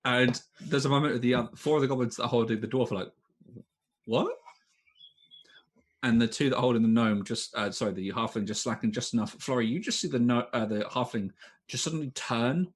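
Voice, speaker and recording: Casual husky-voiced man running a tabletop game. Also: mid-range voice, fast. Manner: casual, rambling, self-correcting. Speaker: game master.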